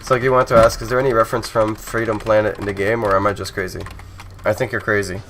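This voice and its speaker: A man's voice: on the low side, level tone, fast, fairly bright tone, a little hiss or hum. A man streaming his game development, chatting casually with viewers and reading their messages aloud, laughing often. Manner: laughs often, easygoing and self-mocking.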